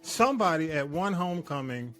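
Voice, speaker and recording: Lockerer Podcast-Moderator mit höherer Stimme. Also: male voice, fairly high pitch, expressive, brisk, a bit bright, faint music behind. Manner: laid-back, talkative, frequent "man" and "you know". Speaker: podcast host. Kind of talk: casual chat.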